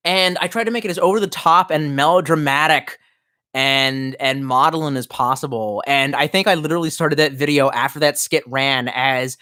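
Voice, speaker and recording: A man's voice: on the high side, normal speed, pushed and bright, clean tone. A man casually chatting on a livestream, reading viewers' comments aloud, rambling and swearing freely while sipping vodka. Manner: profane, rambling, tipsy with vodka. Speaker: streamer reading live chat.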